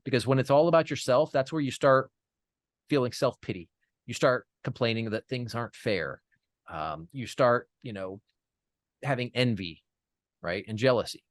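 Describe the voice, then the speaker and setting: A man's voice: medium pitch, moderate pace, no room sound. A man as an interview guest, telling a personal story in an earnest way, with many fillers and restarts.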